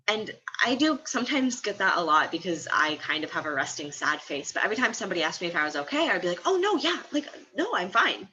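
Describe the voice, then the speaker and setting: A woman's voice: lowish voice, pushed and bright, muffled recording. A woman in her twenties from the American Midwest, chatting casually in a vlog and laughing often between phrases. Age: 20s. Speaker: study abroad student.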